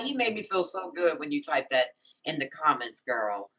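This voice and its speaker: Woman hosting a phone livestream; husky, bright tone, swoops in pitch as she greets her chat. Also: moderate pace. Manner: lively, greets viewers by name, talks to chat. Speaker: livestream host.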